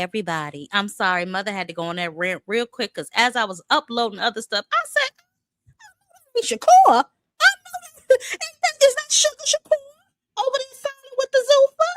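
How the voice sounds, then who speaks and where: A woman's voice: medium pitch, pushed and bright, no room sound, studio quality. A woman hosting a casual boxing livestream, dramatic and sassy, calling her viewers honey and child.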